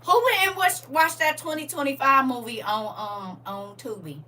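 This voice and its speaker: A woman hosts a casual live chat, calling out viewers by name and preaching with playful swings between exclamations and near-whispers. Her voice is fairly high and cutting. She sits back a little from the microphone. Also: normal speed, bright, forceful tone, recorded from a distance. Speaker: livestream host.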